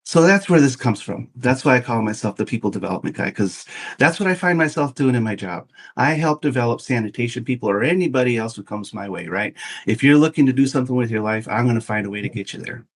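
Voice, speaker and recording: A man in his fifties talks fast at medium pitch, guesting on a podcast with a long story from his past. The telling is casual and lively, and he performs the voices of the people in it.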